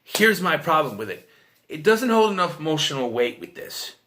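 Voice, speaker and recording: A man's voice: a little high, very animated, moderate pace, a bit bright, slight background noise. A man giving a casual, rambling film review, retelling scenes and quoting characters, with frequent restarts and fillers. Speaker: movie reviewer.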